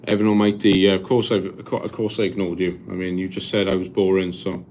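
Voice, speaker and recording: Halting, low-voiced man chatting live. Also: level tone, darkish tone, a little hiss or hum. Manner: halting, many restarts while searching for words. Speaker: livestreamer reading chat. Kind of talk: casual live chat. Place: abroad in Poland.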